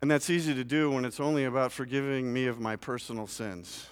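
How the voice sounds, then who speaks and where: A man preaching a sermon in a church, moving from quiet scripture reading to loud, rising emphasis. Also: mid-range voice, fairly even intonation, brisk, clear, resonant tone. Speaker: pastor. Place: church sanctuary. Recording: long church reverb.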